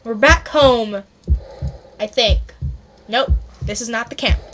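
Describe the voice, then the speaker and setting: A woman reading a story game aloud for her viewers. Her voice is high, and she breaks off now and then for chatty, joking asides. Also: a little hiss or hum. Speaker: game player and narrator.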